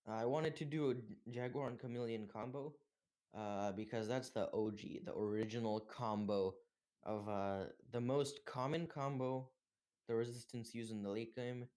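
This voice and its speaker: A young man narrating his own strategy game match in a casual way, with many pauses and filler sounds. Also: mid-range voice, steady tone, a little mellow. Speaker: gameplay commentator. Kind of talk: gameplay commentary.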